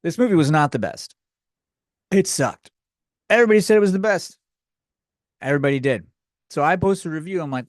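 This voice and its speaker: A man's voice: a little high, lively intonation, a little fast, long pauses, no room sound, clean studio sound. A young man hosting a comedy podcast, ranting sarcastically and profanely on his own. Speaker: podcast host. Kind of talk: solo comedy rant.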